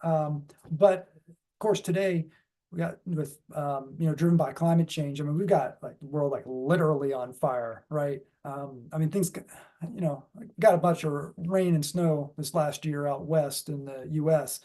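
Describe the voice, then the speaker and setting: A man's voice: a little high, moderate pace, warm tone. A man giving a dharma talk in a casual, rambling way with many fillers and restarts. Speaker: dharma speaker.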